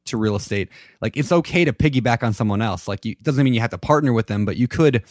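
A man hosting a casual podcast interview, animated and repeating words as he starts his points. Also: mid-range voice, fast, no room sound, studio quality. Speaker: podcast host.

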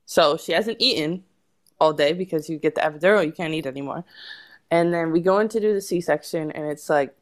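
A woman telling a story as a podcast guest in animated, casual talk, laughing often and using many fillers. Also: sits low, fairly quick.

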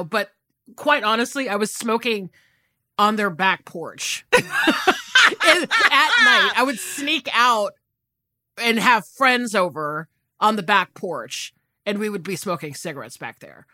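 Lively, bright-voiced woman co-host. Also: fairly high pitch, takes it slowly, no echo. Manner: animated, swearing, emphatic. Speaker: podcast co-host. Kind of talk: casual chat.

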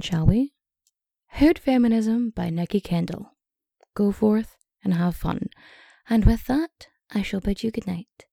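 A woman hosting a comedic podcast, chatting in rambling asides with lots of fillers, her voice getting hoarse. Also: medium pitch, unhurried, mellow, dry recording, clean studio sound. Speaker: podcast host. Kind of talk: casual comedic storytelling.

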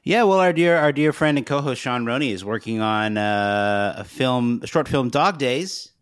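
A man co-hosting a casual podcast, laid-back and laughing easily, chiming in with quick agreements. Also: mid-range voice, animated, smooth, no room sound, clean studio sound. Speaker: podcast co-host.

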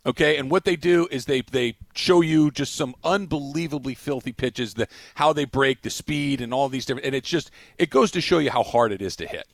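A man hosting a sports radio show, talking in animated, rambling, self-amused banter. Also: mid-range voice, brisk, few pauses, no echo.

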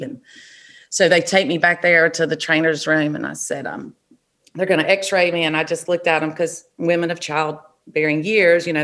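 A middle-aged woman, a football official, telling stories in a relaxed, frank way in an interview. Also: low voice. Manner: relaxed, frank anecdotal telling with short restarts. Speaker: NFL official, interview guest. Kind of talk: conversational interview storytelling.

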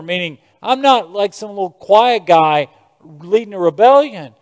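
An American man preaching a sermon as a pastor, moving between quiet scripture reading and loud, emphatic exhortation. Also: high voice, expressive, measured pace. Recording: long reverb of a large hall.

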